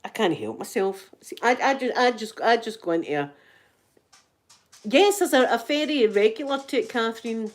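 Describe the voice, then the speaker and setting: A woman's voice: fairly high pitch, lively intonation, normal speed. A middle-aged Scottish woman telling rambling, dramatic anecdotes in casual chat as a channel host. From Scotland.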